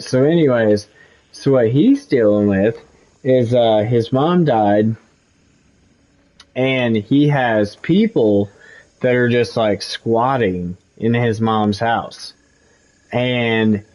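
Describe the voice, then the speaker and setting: A man's voice: medium pitch, a little mellow. A man from Missouri, a game streamer, telling a story at home in a heated, profane casual chat. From Missouri, USA. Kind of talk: casual chat while gaming.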